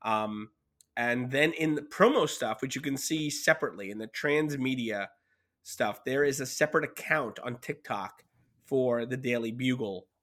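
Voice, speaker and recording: A man's voice: mid-range voice, moderate pace, fairly bright tone. A man co-hosting a podcast, chatting casually about movies with many restarts. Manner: rambling, many fillers and restarts. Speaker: podcast co-host.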